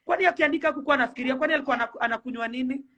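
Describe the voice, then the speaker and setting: Speaking at a racing pace in a high, slightly bright voice, this young Kenyan woman, a celebrity influencer, delivers a fiery, pleading rant to camera packed with rhetorical questions.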